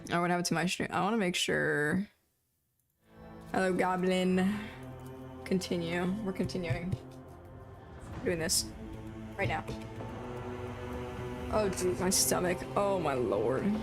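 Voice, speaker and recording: A woman's voice: lowish voice, steady tone, a little slow, gravelly, long pauses, over music. Young woman streamer mumbling over gameplay. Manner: self-described mumbler, chatty, muttering to herself. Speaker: game streamer. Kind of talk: casual live-stream chatter while playing.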